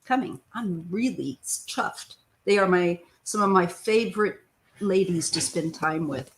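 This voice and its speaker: Middle-aged woman, slightly low voice, relaxed tarot live-stream host, chatty and easygoing at home. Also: measured pace, a little hiss or hum. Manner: chatty, greets viewers by name, easygoing. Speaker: tarot reader hosting a live chat. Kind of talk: casual live-stream chat. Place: home, near the front door.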